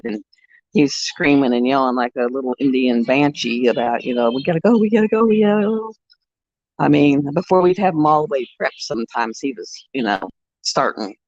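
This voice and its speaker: Woman, live-stream host, rambling chat, low voice, dull dry lo-fi sound. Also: darkish tone, dry recording. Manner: rambling, chatty storytelling.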